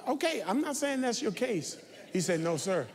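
A man preaching a sermon as pastor, talking straight to his congregation and building to shouted, confrontational calls. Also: high-pitched, big pitch swings, normal speed, a faint crowd. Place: large church sanctuary. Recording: reverberant church sanctuary.

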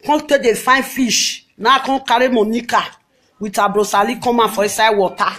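Bright-voiced Nigerian woman ranting. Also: on the high side, fairly even intonation, moderate pace. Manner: loud, scolding, dramatic outbursts. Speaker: live video host. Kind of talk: ranting live video monologue.

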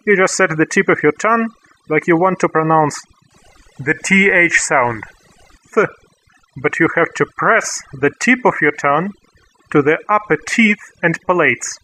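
A man teaching a language lesson, slowly repeating each word for learners. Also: on the high side, pushed and bright, slight background noise, low-quality recording. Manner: slow, careful repetition of words for learners. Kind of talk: scripted language lesson narration.

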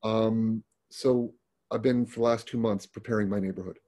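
A middle-aged man speaking as a paramedic guest. His voice sits a bit low and sounds husky, with a dark, mellow tone. He tells his stories plainly and often restarts or repeats words as he goes. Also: steady tone, normal speed. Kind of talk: conversational storytelling.

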